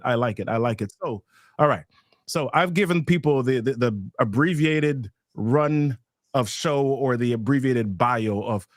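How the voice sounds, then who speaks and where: A man's voice: mid-range voice, no room sound, studio quality. A man hosting a live online workshop, upbeat and hyped, reading out where viewers are tuning in from. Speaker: webinar host. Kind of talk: energetic live-stream hosting.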